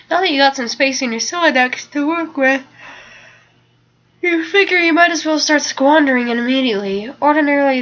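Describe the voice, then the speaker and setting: Bright, sleepy young woman reading aloud. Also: fairly high pitch. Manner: sleepy, yawning, unsure of words. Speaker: webcomic reader. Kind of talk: casual read-aloud of a webcomic. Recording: dull lo-fi home mic.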